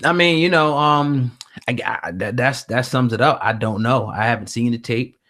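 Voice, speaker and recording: A man hosting an online news chat, speaking in a measured way with many fillers. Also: medium pitch, pushed and bright. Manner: hesitant, lots of fillers, measured. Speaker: host. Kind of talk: casual news commentary.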